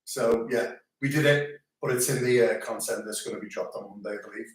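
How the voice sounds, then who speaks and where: A man's voice: mid-range voice, brisk, distant mic. A middle-aged man, joining his brother's livestream and chatting in an easygoing, jokey way. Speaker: host's visiting brother. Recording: echoey room, away from the mic.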